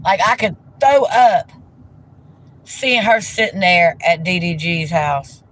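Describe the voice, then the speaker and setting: A woman's voice: fairly low pitch, lively intonation, takes it slowly, fairly bright tone, a little hiss or hum, low-quality recording. A woman ranting heatedly and profanely during a live stream, talking into a handheld phone from inside a car.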